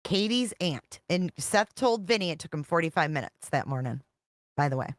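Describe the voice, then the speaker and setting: A woman's voice: sits low, lively intonation, moderate pace, dry recording, clean studio sound. A woman hosting a casual livestream, reading text messages aloud in a profane, exasperated, rambling way. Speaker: true-crime commentary host.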